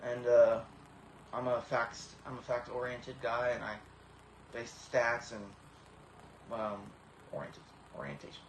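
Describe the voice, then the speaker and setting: A man in his thirties giving an emotional personal testimony, halting and earnest with many repeated starts, close to tears. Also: medium pitch. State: tearful, emotional. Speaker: vlogger. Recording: echoey room with faint background hiss.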